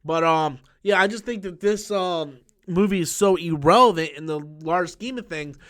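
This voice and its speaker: An excitable man hosts a live-stream chat, his voice pitched high and tense. He swears freely and hums movie sound effects between thoughts. He talks from a small room under studio lights. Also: moderate pace. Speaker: YouTube host.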